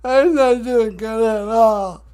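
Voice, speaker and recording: A man's voice: very high voice, slow, a little mellow, clean tone. A man doing a weepy whining caller. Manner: whining, sobbing protests. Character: whiny adult man caller, self-pitying, weepy. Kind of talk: comedy call-in sketch.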